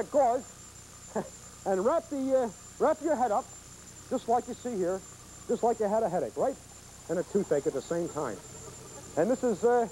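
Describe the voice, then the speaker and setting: A man's voice: high voice, warm tone, a little hiss or hum, low-quality recording. A man hosting a 1970s TV horror movie show, rambling and chuckling with lots of fillers. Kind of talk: 1970s TV horror host chat.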